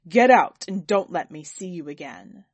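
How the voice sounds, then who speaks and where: Storybook villain: woman voicing a vain, wrathful man of power, lowered pitch, loud and biting, dry close read. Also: moderate pace, dry recording, close to an everyday voice. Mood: angry. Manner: shouting, wrathful. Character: vain angry powerful man called Sir.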